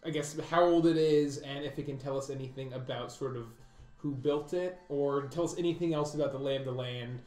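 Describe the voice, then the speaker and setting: A man's voice: mid-range voice, brisk, darkish tone, soft background music. A man playing a tabletop game, asking the game master questions and rambling as he thinks aloud. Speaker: player. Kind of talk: casual tabletop play. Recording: echoey room.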